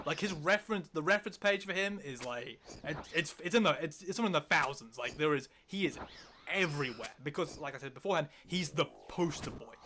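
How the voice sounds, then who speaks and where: A man's voice: a little high, a bit bright, a little hiss or hum. A man co-hosting a casual podcast, enthusiastically explaining fantasy lore with many "like"s. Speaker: podcast co-host.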